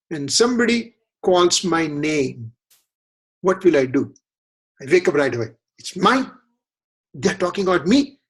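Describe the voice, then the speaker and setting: A man's voice: high voice, husky. A man leading a religious scripture study class, earnest and repetitive, often asking rhetorical questions.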